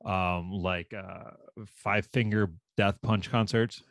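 A man's voice: on the low side, steady tone, slow. A young man co-hosting a podcast, chiming in with jokes and teasing questions. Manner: joking, teasing interjections. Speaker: podcast co-host. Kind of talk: casual podcast chat.

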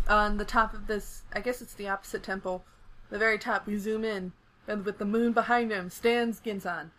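A woman's voice: mid-range voice, a bit bright, rough recording. A woman co-hosting a podcast, recapping a comic scene with dry, joking asides. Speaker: podcast co-host. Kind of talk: casual comic recap chat.

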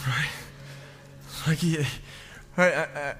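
A man in his thirties preaching a sermon as pastor, slow and emphatic, building to loud peaks. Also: mid-range voice. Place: church sanctuary. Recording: long reverb of a large hall. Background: soft instrumental music.

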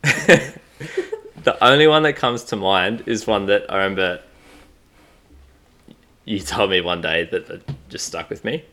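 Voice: low-pitched, unhurried, pauses often, bright, forceful tone. A co-host from Australia on a casual podcast, hesitant and self-deprecating. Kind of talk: casual chat.

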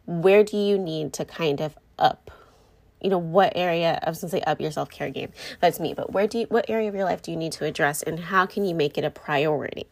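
Talking to camera for her viewers, a young woman who vlogs about motherhood speaks candidly and a bit rambly, frequently fixing herself mid-sentence. Her voice is on the low side and a little fast.

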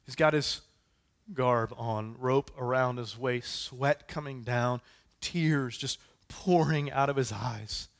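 A man's voice: medium pitch, slow pace. A man preaching a sermon in a conversational way, with casual fillers and asides. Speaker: pastor.

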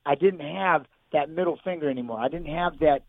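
Fast-talking man on a tinny phone line. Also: a little high, creaky, no room sound. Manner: rambling, repeats himself, emotional. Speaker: guest fighter. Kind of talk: emotional personal storytelling on live radio.

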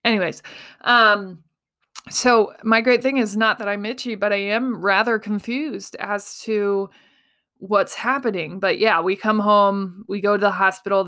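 A woman in her thirties talks through a personal story in a relaxed, conversational way. She laughs often and slips into quick little voices for the people she quotes. Her pitch sits in a middle range for a woman. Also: clear, resonant tone. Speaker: podcast host. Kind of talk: casual storytelling.

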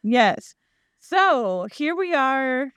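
A woman's voice: sits high, big pitch swings, extremely slow, a bit bright, smooth, dry recording. A woman co-hosting a casual book discussion, easygoing and playful with her metaphors. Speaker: podcast co-host.

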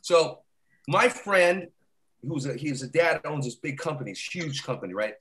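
A comedian guest rambles through his stories in casual talk, laughing as he goes and repeatedly asking "right?" His voice is fairly high and fairly bright, with lively intonation and a moderate pace, over slight background noise.

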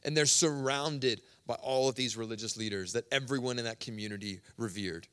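A man preaching a sermon in a conversational, storytelling way, swinging between loud bursts and hushed asides. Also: medium pitch, brisk, clear, resonant tone.

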